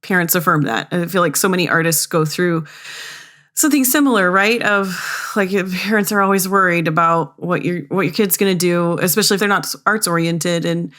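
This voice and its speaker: A woman hosting a podcast interview, answering her guest with warm, affirming comments. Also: lowish voice, fairly quick. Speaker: podcast host. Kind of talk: casual interview chat.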